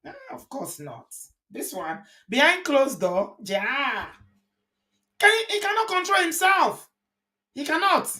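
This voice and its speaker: A woman's voice: sits high, big pitch swings, takes it slowly, bright, forceful tone. A woman hosting a show, commenting indignantly on a video and repeating phrases for emphasis. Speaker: host reacting to a viral video. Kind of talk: casual commentary.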